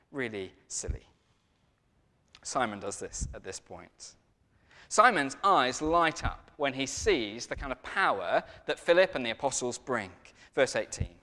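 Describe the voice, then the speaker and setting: Man preaching, animated, fairly high voice, storytelling tone, long church-hall reverb. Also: normal speed. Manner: storytelling, lively and conversational. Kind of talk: sermon.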